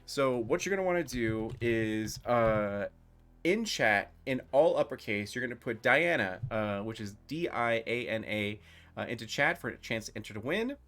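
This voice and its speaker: A man acts as game master for a streamed tabletop role-playing session, easygoing and full of little fillers as he sets the scene. Soft music plays faintly behind him. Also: medium pitch, moderate pace. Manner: relaxed, filler-heavy talk.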